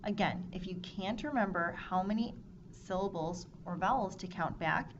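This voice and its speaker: A woman teaching a Spanish grammar lesson, explaining clearly and drilling verb forms in a measured, scripted way. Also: medium pitch. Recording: dull lo-fi recording with audible noise.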